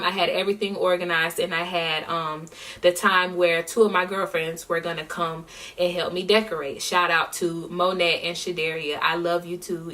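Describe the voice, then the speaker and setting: A woman telling a long, rambling story in a casual vlog, with lots of fillers and shout-outs. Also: fairly low pitch. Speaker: singer recapping her year. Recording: voice a bit distant from the mic.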